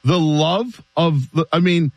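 A man hosting a sports radio show, telling stories in an animated, chatty way and laughing often. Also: a little high, measured pace, slight background noise. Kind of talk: casual sports talk.

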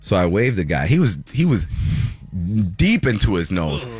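Male radio host, studio mic, animated pitch, playful and boastful, teasing callers. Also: normal speed, breathy edge, no room sound, faint music behind. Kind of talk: morning radio call-in banter.

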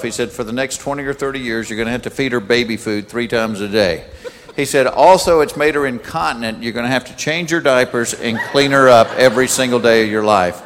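A man telling a joke in a slow, drawn-out way. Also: medium pitch, fairly bright tone, big-room sound, slight background noise.

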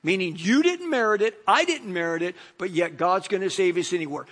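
A man's voice: sits high, very animated, fairly quick, few pauses, a bit bright, breathy edge. A middle-aged male pastor preaching a sermon in a casual, conversational way, full of "you know" asides.

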